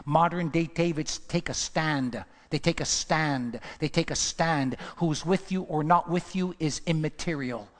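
A male pastor preaching with emphatic, repeated exhortations in a slightly higher voice. The sermon rings out with a long reverb in the church. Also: unhurried, hardly any pauses.

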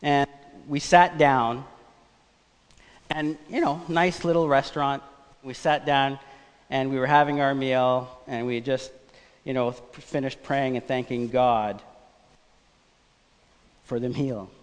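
A man preaching a sermon, telling a personal story in a conversational, animated way. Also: medium pitch, slow pace, long pauses. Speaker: pastor. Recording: long church reverb.

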